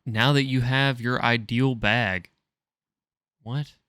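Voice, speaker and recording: A man's voice: mid-range voice, steady tone, slow pace, pushed and bright, clean tone, dry recording, studio quality. A man co-hosting a podcast, reading a choose-your-own-adventure story aloud and stumbling over words with amusement.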